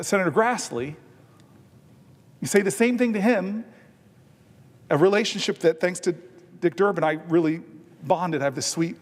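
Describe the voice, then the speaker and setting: A senator giving an impassioned floor speech, telling stories and building to emphatic, drawn-out stresses. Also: male voice, sits high. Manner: earnest storytelling that swells into emphatic, drawn-out stresses. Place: large legislative chamber. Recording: long reverb of a large chamber.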